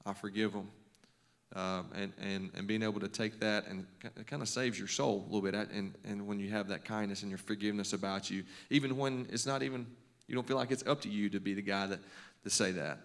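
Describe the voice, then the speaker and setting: A man's voice: fairly low pitch, steady tone, a little fast, creaky. A middle-aged man, a coach giving a devotional talk to a men's group in a folksy, conversational way with many restarts. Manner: conversational, lots of restarts and stammers; folksy, self-deprecating humor. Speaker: basketball coach and teacher.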